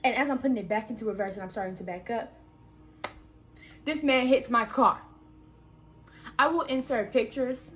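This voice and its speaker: A young woman vlogger telling a story to camera in an animated, dramatic, exclamatory way. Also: mid-range voice.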